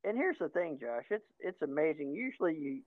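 A man's voice: fairly high pitch, big pitch swings, fairly quick, no room sound. A man co-hosting a podcast in casual chat, rambling and joking with stammering restarts. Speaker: podcast co-host. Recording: tinny phone-like sound.

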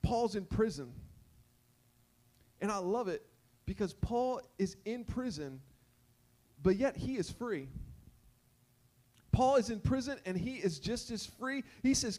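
Male preacher with a high voice, storytelling sermon, stammering repeats. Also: expressive, slow, pauses often, darkish tone. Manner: storytelling with repeated words and sung snippets. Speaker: pastor.

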